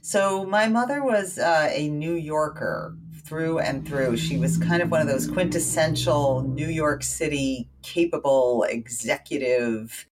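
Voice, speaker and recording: A woman from the United States, a guest in an interview, telling a story in a lively, casual way with wry asides. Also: sits low, a little slow, hardly any pauses, heavy background noise.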